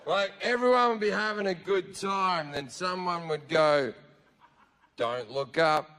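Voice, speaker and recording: A man's voice: high-pitched, steady tone, normal speed, bright, forceful tone, some chatter behind, slight background noise. A man performing a stand-up comedy routine live, crude and sardonic, swearing often and acting out characters. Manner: crude, swearing, sardonic storytelling with acted-out voices. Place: live venue with audience.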